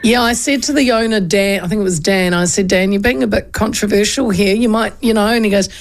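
A middle-aged New Zealand woman hosting a radio show, telling a story in a chatty, animated way with frequent laughs. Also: mid-range voice, fairly quick. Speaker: radio host. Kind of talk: casual storytelling chat.

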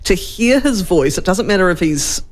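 A woman with a New Zealand accent co-hosting a podcast, talking in an animated, exasperated way and acting out her own reactions, her throat a little raspy. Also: lowish voice, moderate pace. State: raspy throat from yelling and laughing. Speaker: podcast co-host. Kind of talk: casual chat.

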